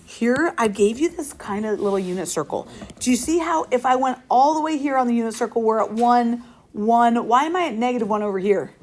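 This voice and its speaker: A high school math teacher gives a classroom lecture in a voice that's a little high, with lively intonation and a fairly quick pace. She's upbeat and playful, often asking the class questions.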